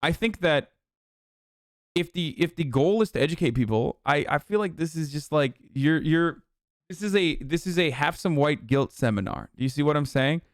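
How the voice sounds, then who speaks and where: A man's voice: on the high side, lively intonation, normal speed, no echo, clean studio sound. A man streaming live, reading text aloud and reacting with blunt, profane, exasperated rants.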